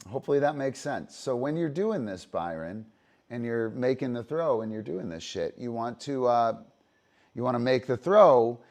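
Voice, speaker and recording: A man's voice: mid-range voice, animated, normal speed, darkish tone. A man hosting a dog-training livestream, explaining in a casual, profane way with lots of fillers and "right?" tag questions. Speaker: disc dog trainer and show host.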